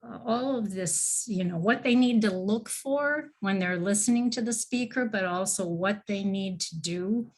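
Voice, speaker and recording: A woman teacher trainer giving a live online lecture on teaching listening, explaining slowly with fillers and self-corrections over a video call. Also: mid-range voice.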